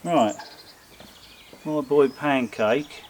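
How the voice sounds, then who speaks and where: A man chatting casually as a bushcraft vlogger in his garden, rambling and self-mocking, often slipping into high coaxing talk for his pets. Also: drawn-out words, darkish tone. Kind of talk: casual chat while working outdoors. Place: home garden outdoors. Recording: noisy outdoor garden recording.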